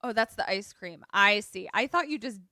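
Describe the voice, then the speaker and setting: A woman co-hosting a podcast in casual chat, retelling a film as an animated, joking storyteller who swears freely, on a remote call. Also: mid-range voice, moderate pace, no echo, clean studio sound. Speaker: podcast co-host. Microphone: remote call setup.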